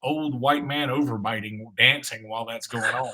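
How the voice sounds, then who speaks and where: There's crowd noise behind a man co-hosting a sports podcast. Speaking at a moderate pace in a mid-range voice, he rambles chattily, restarting frequently and filling gaps with filler words.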